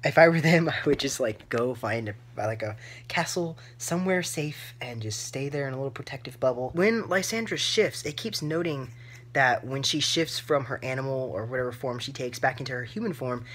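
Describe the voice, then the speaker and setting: A woman's voice: rumbling low, moderate pace, breathy edge. A woman book vlogger reacting live to her reading, emotional and gushing, close to tears and full of "like" fillers.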